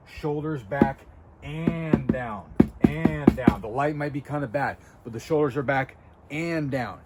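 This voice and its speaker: A man's voice: mid-range voice, background noise. A man talking straight to camera, coaching viewers on body language in a blunt, emphatic, intense way. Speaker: body language video host. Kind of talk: casual direct-to-camera coaching talk.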